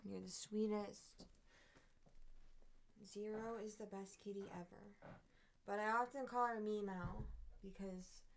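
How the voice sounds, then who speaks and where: A woman's voice: medium pitch, steady tone, slow, gravelly, long pauses, a little hiss or hum. A young woman streamer chatting casually and cooing in baby talk at her cat.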